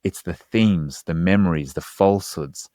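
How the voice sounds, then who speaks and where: Male therapist guest, low voice, earnest and explanatory, dry close-miked studio sound. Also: moderate pace, mellow, no room sound. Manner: earnest, explanatory, slangy asides. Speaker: hypnotherapist guest. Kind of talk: casual podcast conversation.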